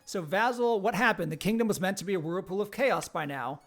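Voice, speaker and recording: A man's voice: high voice, fairly quick, fairly bright tone. A man hosting a live-streamed role-play game, reading out the story and joking with the players. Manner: upbeat, jokey, laughs often. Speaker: game host and narrator.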